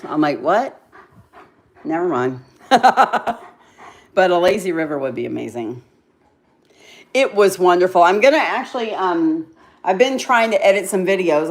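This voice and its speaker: Woman, middle-aged, chatty, self-mocking, laughs a lot, lowish voice. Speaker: livestream host. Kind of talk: casual livestream chat with viewers.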